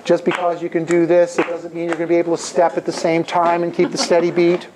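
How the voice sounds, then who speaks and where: A middle-aged man teaching a hands-on music workshop, his voice sitting a little higher than most men's. He talks in an animated way and breaks into sung chants to demonstrate. A faint hiss of noise hangs under his voice in the room. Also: fast. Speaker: music education professor leading a workshop. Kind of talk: interactive workshop talk with singing.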